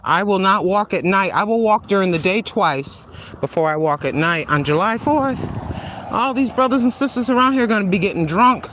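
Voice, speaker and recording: A woman's voice: mid-range voice, animated, moderate pace, a bit bright, a little hiss or hum. An older woman hosting a casual livestream while walking outdoors on a street, chatty and rambling, laughing often as she digresses. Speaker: livestream host.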